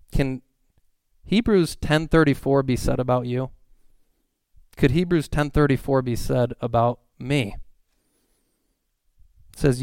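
A man preaching a sermon, earnest, pushing up in pitch when he asks questions. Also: fairly even intonation, normal speed, a little mellow, clean tone, no echo. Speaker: pastor.

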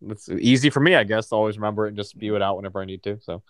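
A man's voice: fairly low pitch, very fast, clean tone, no room sound, clean studio sound. A man from Connecticut hosting a casual podcast, talking in a profane, offhand, rambling way. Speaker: podcast host. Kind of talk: casual chat.

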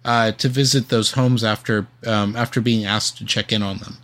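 A man's voice: fairly low pitch, steady tone, moderate pace, fairly bright tone. A man co-hosting a podcast, reading a ghost story from notes with many ums and uhs.

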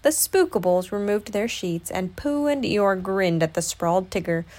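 A woman reading a children's storybook aloud as narrator, with an expressive delivery. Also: medium pitch, normal speed.

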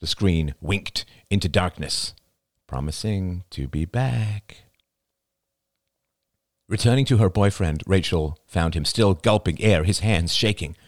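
A man narrating an audiobook chapter in an expressive, dramatic reading style. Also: deep voice, slow, dry recording, clean studio sound. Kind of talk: scripted narration.

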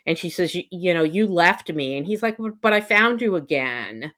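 A woman's voice: on the low side, lively intonation, moderate pace, fairly bright tone. A woman in casual chat, animatedly retelling a novel's plot and quoting the characters in her own voice. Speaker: book discussion co-host.

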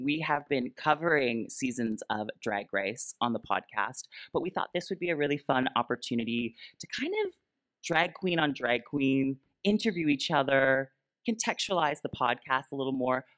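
A man's voice: medium pitch, expressive, normal speed, fairly bright tone. Bubbly drag queen podcast co-host. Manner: upbeat, bubbly, jokey. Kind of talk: casual chat, live podcast. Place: live event stage before an audience.

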